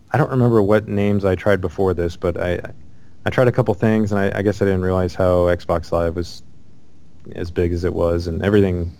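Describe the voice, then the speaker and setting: Deep gravelly man rambling about games. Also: warm tone. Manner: rambling, lots of restarts and ums. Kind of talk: casual chat about video games.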